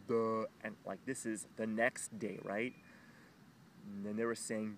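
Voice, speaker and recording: A man telling a rambling, profane story about a neighbour dispute, halting and full of fillers, with high squeaky voices for the other people in it. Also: slight background noise.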